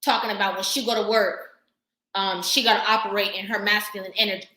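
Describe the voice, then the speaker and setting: A woman vlogger talking casually to camera, sassy and animated, laughing often. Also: mid-range voice, fast, echoey room.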